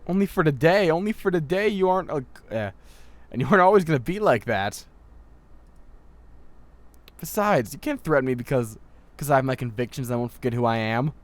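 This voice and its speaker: A man's voice: fairly low pitch, lively intonation, moderate pace. A man voicing a principled, underage girl trainee in a game let's-play, protesting and indignant. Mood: defiant. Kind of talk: amateur let's-play voice acting.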